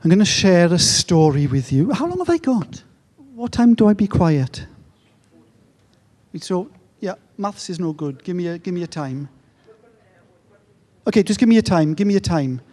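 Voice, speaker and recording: English man, self-mocking conference speaker, high and mellow, reverberant hall. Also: very animated, moderate pace, long pauses. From England. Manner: joking, self-mocking storyteller. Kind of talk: conference talk.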